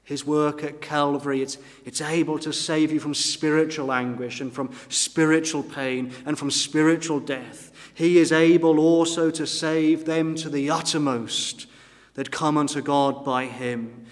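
A man's voice: a little high, fairly even intonation, measured pace. A man preaching a sermon, retelling the story dramatically and voicing the doubts of the crowd. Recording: long reverb of a church hall.

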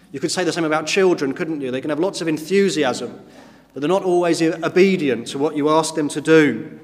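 Preacher guy, kinda high voice, lots of "isn't it" questions, echoey church hall. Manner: rhetorical questions with tag questions. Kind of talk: sermon. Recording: long hall reverb.

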